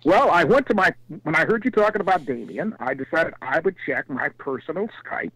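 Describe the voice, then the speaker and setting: A man on a live panel show, chatting and telling stories in an animated way. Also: a little high, fairly quick, slightly rough, no room sound, low-quality recording. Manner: animated storyteller. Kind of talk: casual live panel chat and storytelling.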